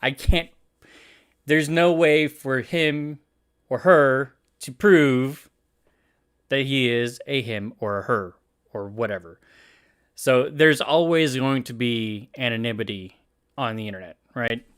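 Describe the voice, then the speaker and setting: A man chats casually on a live stream, reacting to an anime and to his chat in a rambling, self-correcting way, often restarting sentences and laughing a lot. His voice is medium in pitch, slow, smooth and fairly bright.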